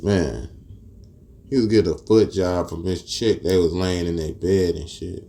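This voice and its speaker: A man with teaching scripture in a casual street style, mixing verses with profane stories and rising loud and high when outraged. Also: fairly even intonation, measured pace, creaky. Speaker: preacher.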